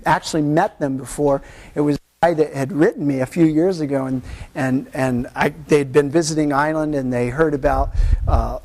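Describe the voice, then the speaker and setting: A male pastor preaching a Sunday sermon, animated and conversational, acting out the voices of doubters and of God. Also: fairly high pitch. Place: church.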